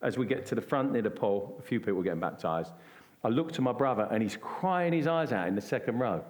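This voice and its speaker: A middle-aged man from England telling a story at a church event, animated and acting out what others said. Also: medium pitch, quick pace. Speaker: guest. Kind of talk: conversational storytelling.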